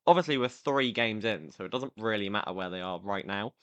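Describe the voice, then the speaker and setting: A man's voice: lowish voice, brisk, fairly bright tone. A tired man hosting a casual football chat podcast, rambling and opinionated, with fillers and restarts. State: tired, yawning. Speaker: podcast host.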